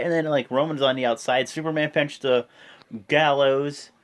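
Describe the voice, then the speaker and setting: A man's voice: mid-range voice, steady tone, normal speed, smooth. A man giving a casual, rambling play-by-play recap. He corrects himself often and acts out the quotes. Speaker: wrestling show reviewer.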